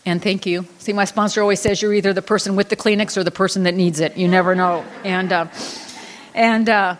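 A woman's voice: mid-range voice, fairly even intonation, a little fast. A middle-aged woman telling a long, rambling personal story at an Al-Anon meeting, full of fillers and restarts. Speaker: Al-Anon speaker. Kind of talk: personal recovery talk.

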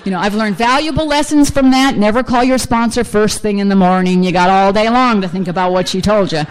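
A woman's voice: medium pitch, a little fast, clear, resonant tone. A middle-aged woman sharing her recovery story with a group, blunt and humorous, with many "you know"s. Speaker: speaker sharing at a recovery meeting. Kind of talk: personal recovery share to a group.

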